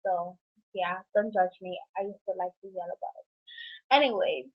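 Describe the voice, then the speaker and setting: A woman's voice: on the low side, fairly even intonation, moderate pace. A young woman from New York City telling a heartfelt personal story in a rambling vlog, laughing often between thoughts. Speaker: vlogger. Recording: tinny phone-like recording.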